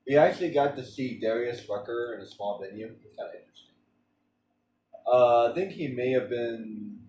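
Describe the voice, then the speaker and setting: A man's voice: mid-range voice, normal speed, dark tone, echoey room, far from the mic, a little hiss or hum, rough recording. A man streaming a game, chatting in a rambling way with frequent restarts and stammers. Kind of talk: casual rambling chat during a game stream.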